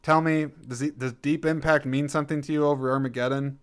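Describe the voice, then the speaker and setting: Rambling jokey man, smooth voice. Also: a little high, steady tone, fast talker. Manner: rambling, jokey, self-correcting. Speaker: podcast host reviewing films. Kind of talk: casual solo film review podcast.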